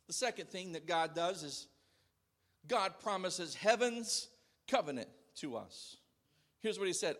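A man in his thirties preaching a sermon to a congregation in a church, animated and shouting out quoted calls. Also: on the high side. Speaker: pastor.

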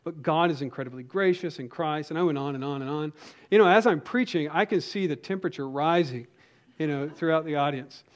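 Conversational male pastor, slightly high voice. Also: fairly quick, highs cut off. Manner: conversational, with frequent restarts and asides. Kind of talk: storytelling sermon.

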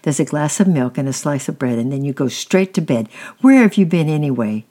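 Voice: mid-range voice, fairly quick, a little mellow, close to an everyday voice. A reader voicing a stern mother who speaks sharply and scolds her son in a storybook reading. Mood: scolding.

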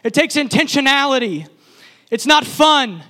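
A man delivers a sermon at a church service in a strikingly high voice. His tone is bright and forceful. He builds his points through repeated phrases that swell with passion. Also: animated, measured pace. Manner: impassioned preaching with repetitive, building phrases. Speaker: preacher.

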